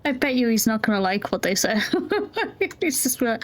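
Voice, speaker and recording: A woman's voice: on the high side, sing-song, moderate pace. A woman commenting casually on a game as she plays, chatty, joking and swearing freely. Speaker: gameplay streamer. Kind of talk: casual let's-play commentary.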